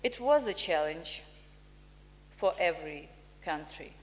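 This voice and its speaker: A woman from Ukraine, an ambassador giving a formal prepared speech in slow, deliberate, emphatic phrases. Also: sits low, lively intonation. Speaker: ambassador, guest speaker. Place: press club function room. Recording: reverberant hall.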